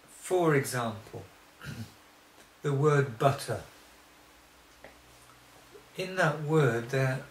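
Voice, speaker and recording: A male teacher explains things at a very slow, deliberate pace. He stumbles, restarts sentences and clears his throat now and then. His voice rings in a roomy space over a faint background hum. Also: medium pitch. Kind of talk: spoken lesson.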